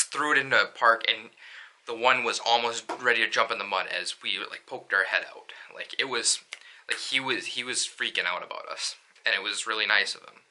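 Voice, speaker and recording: Young male vlogger, casual rambling storyteller, low voice with a sharp bright edge. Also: slight background noise. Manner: rambling, lots of fillers and restarts.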